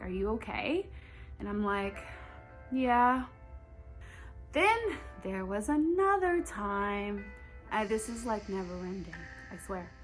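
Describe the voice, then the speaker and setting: A woman's voice: fairly high pitch, fairly bright tone. A young woman telling a personal story in a storytime vlog, talking straight to her viewers with emphasis. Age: young adult.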